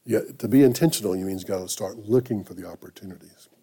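A male pastor delivers a sermon through a personal story. His voice is mellow and warm, and he talks conversationally, often pausing and restarting his sentences. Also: lowish voice, gravelly, slightly rough.

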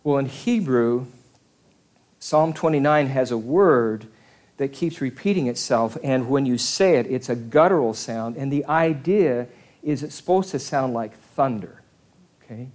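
Man, preacher, conversational sermon, questions to the audience, hushed asides, dramatic build-ups. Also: mid-range voice, lively intonation, measured pace. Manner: dynamic, swings from quiet murmurs to loud acted outbursts.

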